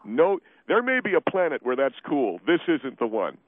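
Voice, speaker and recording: A man's voice: a little high, big pitch swings, normal speed, narrow, tinny audio, a little hiss or hum, pitched above the performer's own voice. A man voicing a defensive, blustering middle-aged male steakhouse owner who keeps repeating himself in a radio comedy bit. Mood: indignant. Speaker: guest.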